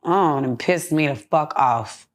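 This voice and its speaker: A young woman venting in a candid podcast interview, blunt and full of profanity. Her voice sits a little low for a woman. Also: slow. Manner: blunt, profane, heated ranting. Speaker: podcast guest.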